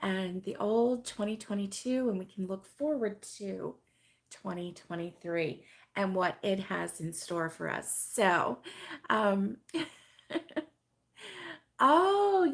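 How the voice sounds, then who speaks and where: Woman, hoarse, slow pace, chatty, frequent laughs, live-stream host. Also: medium pitch, expressive. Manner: chatty, laughs often, greets viewers by name. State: voice still hoarse from illness. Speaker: crochet channel host. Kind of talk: casual live-stream chat.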